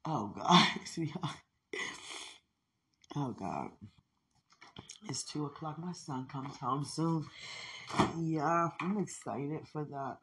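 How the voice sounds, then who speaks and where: A woman's voice: sits low, expressive, slow pace, long pauses, fairly bright tone, slight background noise. A woman rambling to herself in an emotional monologue, sighing and praying aloud as she talks. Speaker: mother talking to herself.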